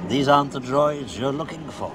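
An actor playing a calm male mystic who gives quiet, measured commands in a film scene. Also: medium pitch, background noise, close to an everyday voice. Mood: commanding.

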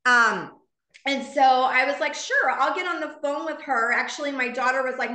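A woman's voice: high-pitched, normal speed, pushed and bright, echoey room. A woman in her fifties telling an earnest, heartfelt personal story to a live online audience. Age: 50s. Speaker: founder speaking to her business community.

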